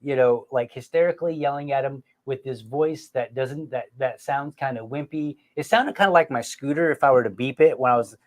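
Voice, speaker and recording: A middle-aged man hosting a podcast, telling a family story in an animated, self-mocking way and talking straight to his listeners. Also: medium pitch, fairly quick, few pauses. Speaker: podcast host. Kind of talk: casual storytelling chat.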